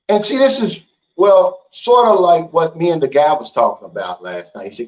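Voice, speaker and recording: Guy doing a livestream, blunt and folksy, kinda highish voice, muffled lo-fi sound. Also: big pitch swings, moderate pace. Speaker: livestream host. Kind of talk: casual livestream chat. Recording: dull lo-fi stream audio.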